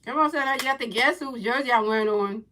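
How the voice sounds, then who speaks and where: A woman livestreaming a baseball video game, giving playful play-by-play commentary, teasing her chat with repeated questions and sing-song pitch calls. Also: fast talker, bright, forceful tone, slight background noise, rough recording. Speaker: gaming livestreamer.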